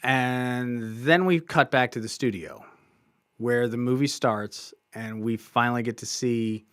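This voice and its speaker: A man co-hosting a comic book review podcast, talking in an animated, enthusiastic, casual way. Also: medium pitch, a little slow, no room sound, clean studio sound.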